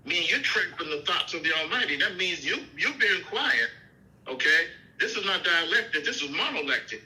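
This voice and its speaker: Bright-voiced emphatic male preacher. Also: fairly high pitch, animated, moderate pace, low-quality recording. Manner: emphatic, repeats "okay?" and "you see?". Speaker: minister teaching scripture. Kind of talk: informal Bible teaching.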